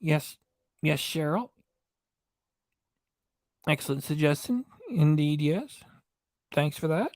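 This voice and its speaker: A man's voice: on the high side, expressive, takes it slowly, pauses often, no echo, studio quality. A man hosting a casual late-night livestream chat, reading viewer comments aloud into a desk microphone and answering them in a folksy, joking way. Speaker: livestream host.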